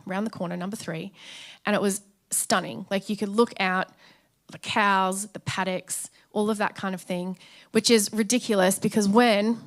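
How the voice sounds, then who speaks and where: An Australian woman in her thirties telling her testimony in church, chatty and storytelling, acting out quotes and laughing along. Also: mid-range voice. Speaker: church speaker sharing a testimony. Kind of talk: sermon testimony.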